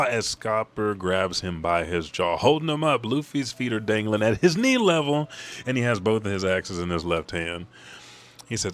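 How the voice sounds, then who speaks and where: Low-voiced man reading a comic casually. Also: normal speed, a bit bright. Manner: casual, profane, offhand. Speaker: manga reader and commentator.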